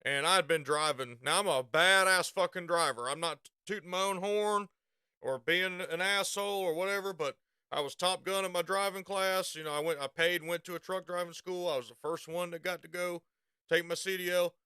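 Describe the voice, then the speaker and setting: A man's voice: high-pitched, fairly even intonation, normal speed, bright, forceful tone, smooth, no echo, studio quality. A man with a Southern US accent telling a rambling, profane story and laughing at himself. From Southern United States. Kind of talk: casual storytelling.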